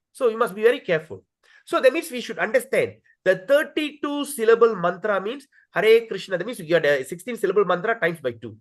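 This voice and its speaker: A man leading a devotional scripture class over a video call, slowly chanting words to show their pronunciation and often checking with his listeners. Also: high-pitched. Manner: addresses listeners directly, checks with "okay?". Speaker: teacher leading a scripture study.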